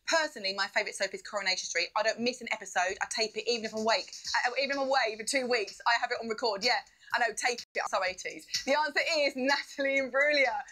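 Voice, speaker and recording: A woman hosts a live quiz show in a bubbly, playful way. Her voice is high and bright, and it swoops up and down all the time. Faint music plays behind her. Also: poor audio.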